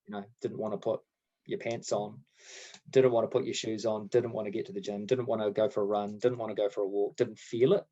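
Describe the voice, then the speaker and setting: A man's voice: on the low side, brisk, highs cut off. A man co-hosting a podcast in casual chat, telling stories and acting out quoted dialogue. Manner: animated, acts out quoted dialogue. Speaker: podcast co-host.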